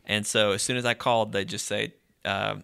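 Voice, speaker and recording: A co-host tells relaxed stories in a gravelly, fry-laden voice that still cuts through bright and forceful. His pitch sits on the low side of ordinary. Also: normal speed, dry recording, studio quality. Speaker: podcast co-host. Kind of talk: casual chat.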